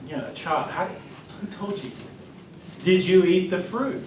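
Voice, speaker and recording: A man, a pastor, teaching a Bible class in a conversational, animated way. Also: high voice, measured pace. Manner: conversational, animated, acts out voices and laughs. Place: church classroom. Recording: echoey room, voice from a distance, faint noise.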